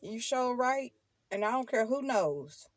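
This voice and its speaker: This middle-aged tarot channel host has a fairly high voice with lively intonation and a measured pace, recorded dry. Addressing her viewers directly and casually, she is forceful and repetitive, laughs often, and tends toward preachy side comments.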